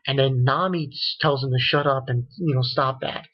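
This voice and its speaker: A man's voice: mid-range voice, steady tone, moderate pace. A man giving a casual, rambling episode recap, full of fillers and repeats, who sometimes acts out characters' lines. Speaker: anime reviewer. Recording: dull lo-fi home recording.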